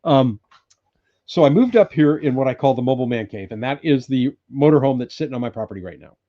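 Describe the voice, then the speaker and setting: An older man from California hosting a casual live chat from his off-grid cabin, rambling and laughing often as he greets viewers loudly. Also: medium pitch, animated, fast, dull audio. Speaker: live-stream host.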